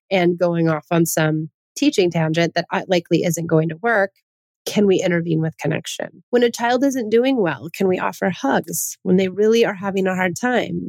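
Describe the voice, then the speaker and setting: A woman's voice: fairly low pitch, normal speed, gravelly, a little mellow, no room sound. A woman hosting a parenting talk, earnest and full of rhetorical questions, often restarting her sentences. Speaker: parenting podcast host. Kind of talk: casual advice talk.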